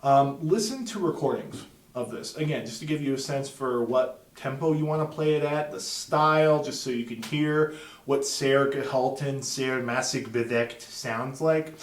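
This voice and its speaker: A man's voice: medium pitch, normal speed, recorded from a distance. Man teaching tuba in an echoey room. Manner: explains patiently, sings and chants rhythms to demonstrate. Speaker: music teacher. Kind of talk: instructional talk.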